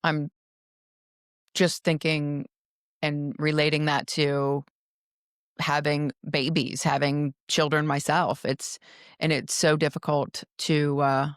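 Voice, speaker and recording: A woman hosting an interview, empathetic and quick to affirm. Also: low voice, flat delivery, clear, resonant tone, no room sound, studio quality. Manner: empathetic, frequent brief affirmations. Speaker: podcast host.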